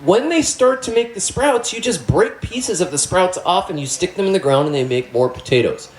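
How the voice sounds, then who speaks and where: A man's voice: sits high, expressive, moderate pace, roomy sound, a little hiss or hum. A middle-aged man giving a loose, joking gardening talk to a live audience. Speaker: gardening presenter.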